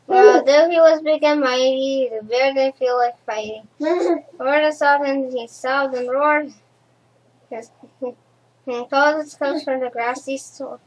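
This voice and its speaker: A woman reads a rhyming children's storybook aloud at a slow, rhythmic pace. Her voice sits high, and she stumbles over a word now and then. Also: poor audio. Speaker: storybook reader.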